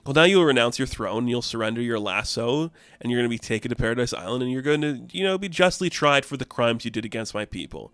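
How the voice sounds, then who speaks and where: A man voicing a stern warrior princess in a flat, commanding way, during a casual comic book recap. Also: medium pitch, fast talker, few pauses, smooth, no echo, natural voice.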